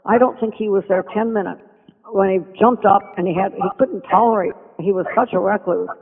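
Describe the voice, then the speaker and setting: An older woman telling stories as a podcast guest, animated and acting out the voices of people she quotes. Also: medium pitch, fairly quick, breathy edge. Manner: animated storyteller who acts out quoted speech. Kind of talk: reminiscing interview storytelling. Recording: tinny phone line with long reverb.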